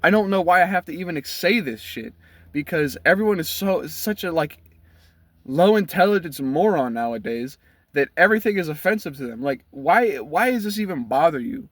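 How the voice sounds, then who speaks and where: A man's voice: fairly high pitch, expressive, fairly quick, dry recording. A man, ranting bluntly and profanely from inside his car. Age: 20s. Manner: blunt, profane, heated rant. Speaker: vlogger. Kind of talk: ranting commentary.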